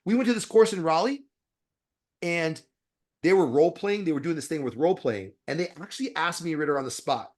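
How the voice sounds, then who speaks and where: A man's voice: on the high side, fairly quick. A middle-aged man from Florida, a dentist talking bluntly in an interview, swearing freely and acting out conversations with patients. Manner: blunt, profane, animated, acts out quoted exchanges. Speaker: dentist and guest.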